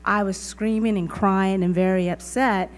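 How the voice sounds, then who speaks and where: A woman's voice: medium pitch, fairly even intonation, normal speed. A woman reverend giving a sermon, earnest and emphatic, with repeated phrases. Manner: earnest, emphatic preaching with repetition. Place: community center lounge.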